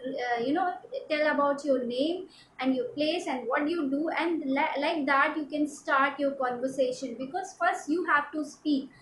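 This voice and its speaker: A woman from India, a personality development trainer, giving a halting instructional talk with many fillers and repeats. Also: sits high, a bit bright, echoey room, slight background noise, poor audio.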